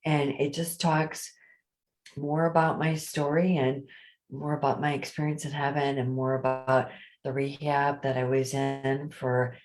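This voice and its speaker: A woman with a raspy voice, a guest telling her personal story openly and chattily in an interview. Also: rumbling low, level tone, unhurried, low-quality recording. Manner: open, chatty storyteller who acts out quoted voices.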